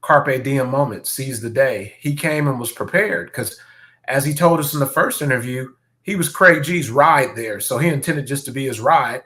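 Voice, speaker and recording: A man co-hosting a podcast in casual chat, laid-back and quick to agree emphatically. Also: medium pitch, fairly bright tone. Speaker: podcast co-host.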